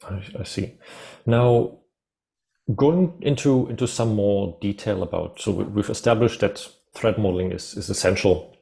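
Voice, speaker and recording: A man hosts an interview podcast with a low, gravelly voice. His tone is dark and mellow. He agrees readily and builds his questions haltingly, with restarts along the way. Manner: agreeable, hesitant, with many restarts and fillers. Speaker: podcast host.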